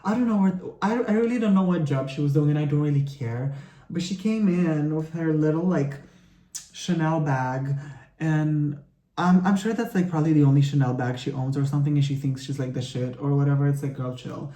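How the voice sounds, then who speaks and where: A man's voice: on the high side, brisk, warm tone. A young man ranting as a vlogger while he gets ready, sassy, profane and rambling, full of filler "like"s, sounding tired and a bit sick. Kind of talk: get-ready-with-me rant. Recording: echoey room.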